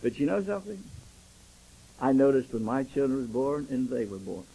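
A man's voice: mid-range voice, very animated, moderate pace, gravelly, warm tone, slight background noise, poor audio. An older man, a pastor, preaching a sermon and acting out dialogue as he tells stories.

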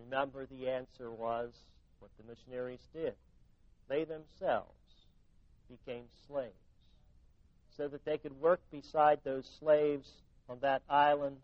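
A man preaching a sermon, sinking to hushed tones and then rising to loud, emphatic passages. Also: medium pitch, no room sound, dull audio. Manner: dynamic preaching, drops to near-whispers and rises to loud emphasis. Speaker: pastor.

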